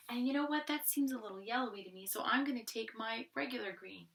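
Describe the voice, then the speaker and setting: A woman teaching a children's art lesson step by step, gently encouraging and thinking aloud as she colors with crayons. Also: medium pitch, brisk, roomy sound, far from the mic, slight background noise, poor audio.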